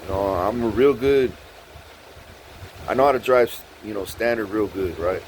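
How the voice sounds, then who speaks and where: A man's voice: normal speed, a little hiss or hum, low-quality recording. A man telling a story in a casual, profane way, often saying "dog" and "bro", his voice jumping up when he gets worked up. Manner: animated, profane, repeats "dog" and "bro", pitch jumps up when excited.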